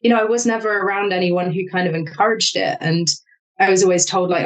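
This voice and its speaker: A woman with a fairly low voice hosts a casual podcast interview. She tells personal stories candidly and animatedly, leaning on plenty of fillers. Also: fairly even intonation, fast, rough recording. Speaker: podcast host.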